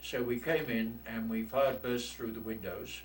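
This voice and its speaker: A little slow and even-toned, this medium-pitched London man in his eighties recalls the war with blunt, salty storytelling for an oral history. Faint noise and room echo come through a distant mic.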